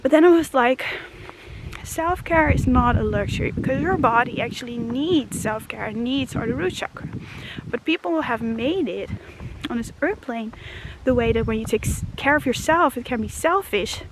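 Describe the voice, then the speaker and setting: A woman's voice: fairly high pitch, lively intonation, normal speed, noisy background. Breathless woman musing on a forest walk. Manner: earnest, musing, many "you know" fillers, laughs often. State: out of breath from walking. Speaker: vlogger. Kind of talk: walk-and-talk spiritual vlog. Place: forest path outdoors.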